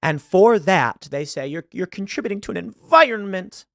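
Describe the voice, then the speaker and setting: A man's voice: high-pitched, lively intonation, normal speed, gravelly, fairly bright tone, dry recording, clean studio sound. A man giving emphatic online commentary, often repeating words as he pushes his points. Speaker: political commentator.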